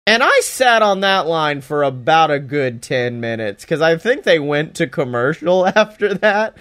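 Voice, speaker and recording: A man's voice: on the high side, lively intonation, moderate pace, hardly any pauses, a bit bright. A man casually recapping a wrestling show, profane and sarcastic, often slipping into mocking voices.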